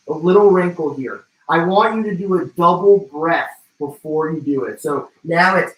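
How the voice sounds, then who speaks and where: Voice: medium pitch, far from the mic. A personal trainer, out of breath, coaching a livestream workout, calling out intervals and form cues with some joking. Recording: roomy, away from the mic.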